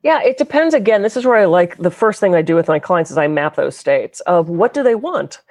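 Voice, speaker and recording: A woman's voice: on the low side, big pitch swings, brisk, a little mellow, no echo. A woman guest speaking as a therapist, explaining her work in an earnest, conversational way. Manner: earnest, explanatory, slips into quoted voices.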